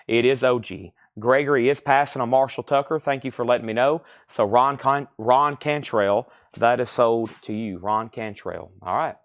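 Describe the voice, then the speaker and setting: A man hosting a live online record sale. He lists titles, grades and prices briskly, greets bidders by name and chats casually with viewers. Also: mid-range voice. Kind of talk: live-stream sales patter.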